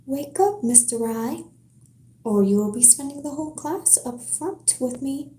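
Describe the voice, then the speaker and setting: A woman's voice: high-pitched, animated, unhurried, warm tone, echoey room. A woman whispering a book aloud and voicing a cruel, mocking male math teacher who taunts in a sing-song way.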